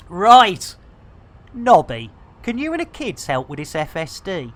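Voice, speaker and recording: Speaking at a measured pace, this British game streamer has a high, fairly bright voice with big pitch swings that bounce up and down constantly. His comedic commentary, delivered into a desk mic, rambles along full of jokes and innuendo.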